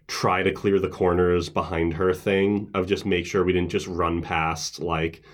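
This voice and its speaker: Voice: deep voice, little pitch movement, unhurried. A player in a tabletop role-playing game, chatty and prone to stumbling repeats.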